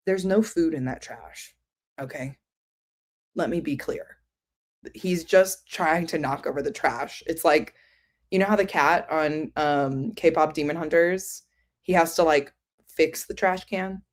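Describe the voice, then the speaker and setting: Low-voiced chatty woman streamer. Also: a little slow. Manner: chatty, rambling, answers viewer comments; many fillers like "um" and "like". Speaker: book streamer. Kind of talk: casual livestream chat.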